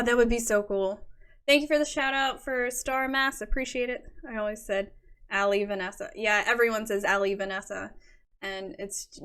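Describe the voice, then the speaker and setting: A woman's voice: fairly high pitch, a bit bright. A young woman hosting a livestream, chatting casually with viewers and gushing over their work. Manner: gushing, effusive, reads chat aloud. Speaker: livestream host.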